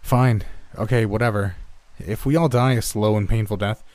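A man's voice: fairly low pitch, fairly even intonation, moderate pace, darkish tone, dry recording, close to an everyday voice. A man voicing a reluctant, sulky young man with a nasal voice in a horror story. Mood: whiny.

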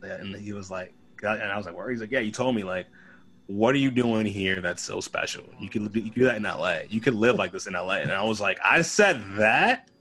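A young comedian from the Boston area tells stories in casual conversation, animatedly acting out the people he quotes. His lowish voice is fast with a breathy edge.

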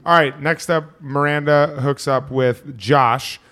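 A man's voice: on the high side, fairly even intonation, slow pace, sharp tone. A man co-hosting a podcast, recapping episodes in a loose, rambling way. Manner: loose and rambling, lots of fillers. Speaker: podcast co-host. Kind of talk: casual chat, recapping episodes.

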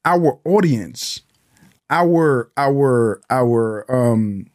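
A man's voice: medium pitch, animated, extremely slow, darkish tone. A man, a police sergeant from Honduras, talks emphatically in an interview, repeating pointed questions and acting out mock exchanges. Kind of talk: animated interview talk.

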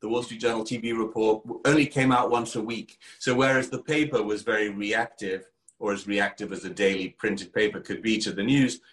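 A middle-aged man with an English accent from Kent, speaking clearly and articulately as a podcast guest. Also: fairly low pitch, fairly even intonation, a little fast, a bit bright, reverberant, poor audio. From England. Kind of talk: conversational interview.

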